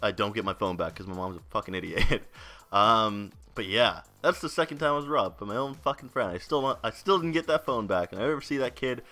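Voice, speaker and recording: A man's voice: on the low side, brisk, sharp tone, soft background music. A young man hosting a gaming channel, telling a story in a rambling, casual way, swearing and laughing often. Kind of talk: casual storytelling over gameplay.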